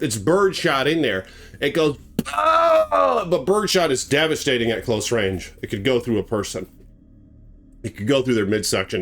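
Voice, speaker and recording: Swearing freely and performing the sound effects himself, a storyteller host relates a gruesome story in an offhand, conversational manner. He has a slightly high, somewhat bright voice.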